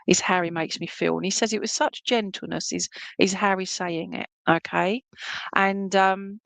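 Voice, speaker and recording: Woman medium, mid pitch, chatty and reassuring, gravelly, recorded at home. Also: normal speed, no echo. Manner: chatty, reassuring, full of fillers. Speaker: spiritualist medium. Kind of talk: online service reading. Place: home room with a TV.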